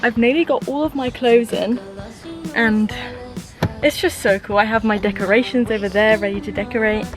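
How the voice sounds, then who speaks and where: A young woman talking casually to her camera in a vlog, chatty and excitable. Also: on the high side, moderate pace, rough recording. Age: young adult. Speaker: vlogger. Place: van and outdoors. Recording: loud background music.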